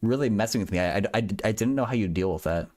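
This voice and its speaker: A young man hosts a livestream where he solves math and physics problems, and here he chats casually with viewers about a physics problem. His voice is lowish and darkish, and he talks quickly. He rambles, giggles, laughs at himself, and stammers with lots of repeated words.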